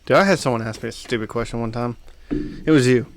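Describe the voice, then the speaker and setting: Young guy on a podcast, chatty storyteller, mid-pitch voice, jumps up high doing quotes. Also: quick pace, noisy background. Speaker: podcast co-host. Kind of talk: casual chat.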